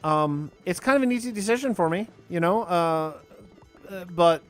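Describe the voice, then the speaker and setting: A man's voice: high voice, lively intonation, normal speed, soft background music. A man in his thirties chatting casually on a live stream, rambling while he plays and answers chat. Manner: rambling, talks over gameplay and answers chat.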